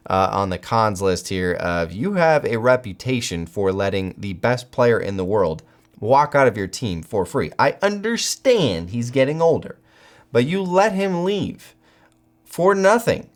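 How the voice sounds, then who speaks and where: An American man hosting a football channel, giving solo commentary with animated, incredulous outbursts. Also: fairly low pitch.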